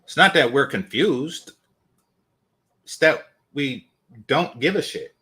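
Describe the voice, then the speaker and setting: A man's voice: medium pitch, very animated, slow, sharp tone. A man hosting a dating commentary channel, talking casually with blunt, dismissive swearing.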